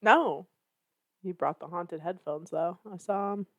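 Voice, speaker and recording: A woman's voice: fairly low pitch, measured pace, fairly bright tone, no room sound. A young woman co-hosting a podcast in casual chat, giggling and swearing now and then. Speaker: podcast co-host.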